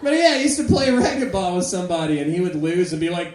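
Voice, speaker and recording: A woman doing a rambling, profane stand-up comedy set, breaking into loud shouted bits. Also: on the low side, big pitch swings, fast, few pauses. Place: comedy club with audience. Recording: echoey club room with crowd.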